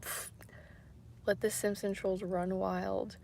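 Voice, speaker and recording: Female streamer, casual chat to viewers, soft and apologetic, hesitant with lots of fillers. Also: medium pitch, flat delivery, slow pace, vocal fry, slight background noise. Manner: hesitant, rambling, many fillers. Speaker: livestreamer.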